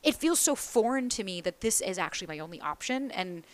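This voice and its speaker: Fast-talking candid woman in casual chat. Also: mid-range voice. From East Coast of the US. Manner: candid, animated, swears freely, acts out quoted voices. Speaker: small business founder. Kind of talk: casual podcast conversation.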